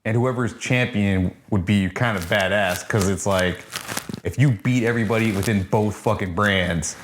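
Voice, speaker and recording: A man co-hosting a wrestling review podcast in a somewhat low voice. He is laid-back and casual, swears often, and thinks out loud as he pitches ideas. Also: normal speed, slight background noise. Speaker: podcast co-host.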